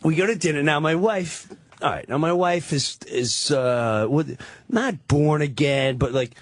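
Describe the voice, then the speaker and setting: A man, a guest comedian, telling a story in an animated, casual way, full of quick restarts and laughter. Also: a little high, no room sound.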